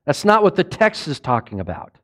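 A middle-aged man preaches with real fervor, his voice sitting high for a man. He rises to loud, urgent peaks and then drops low and quiet, throwing questions out to the congregation. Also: wildly swooping pitch, fairly quick. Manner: impassioned, rising and falling, asks the congregation questions. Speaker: pastor. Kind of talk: sermon.

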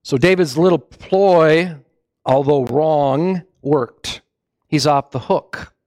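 A man preaching a sermon with animated storytelling who often corrects himself mid-phrase. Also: fairly high pitch, slow pace, no room sound, studio quality.

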